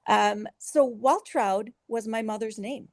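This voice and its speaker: Earnest middle-aged woman author, a touch of fry, recorded dry, talking openly in an interview. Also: on the high side, slow, no echo. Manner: earnest, emotional, with soft laughs and filler restarts. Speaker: author guest. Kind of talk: conversational interview storytelling.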